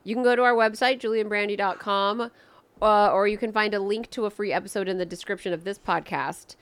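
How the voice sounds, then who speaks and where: A woman's voice: medium pitch, fairly even intonation, a little fast, smooth, dry recording. Dry, wry woman podcast co-host. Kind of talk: casual comedic chat.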